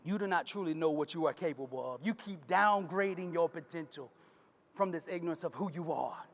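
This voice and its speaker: A man's voice: fairly high pitch, a little fast. A man giving a live motivational speech to a crowd, preacher-like, calling out to the audience. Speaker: motivational speaker. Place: large hall in front of a live audience. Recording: long hall reverb from a live stage.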